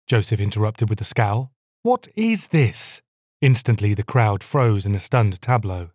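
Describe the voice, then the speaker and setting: A man narrating stories in an even storytelling delivery into a close mic. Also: on the low side, normal speed, no echo. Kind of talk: audiobook narration.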